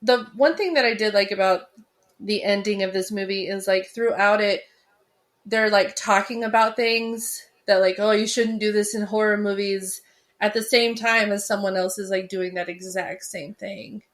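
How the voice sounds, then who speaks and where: A woman's voice: mid-range voice, steady tone, moderate pace. A woman co-hosting a podcast, casually recapping a horror film in a chatty way with many fillers. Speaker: podcast co-host.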